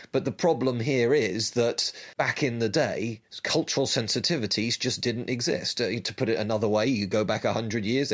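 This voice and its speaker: A man co-hosting a podcast in casual chat, reflective and thinking aloud with a few restarts. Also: mid-range voice. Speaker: podcast co-host.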